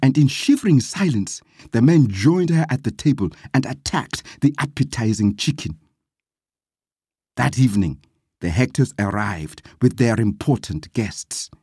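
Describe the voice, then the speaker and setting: A narrator reading a story aloud with lively, dramatic delivery. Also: mid-range voice, unhurried, breathy edge, dry recording, clean studio sound.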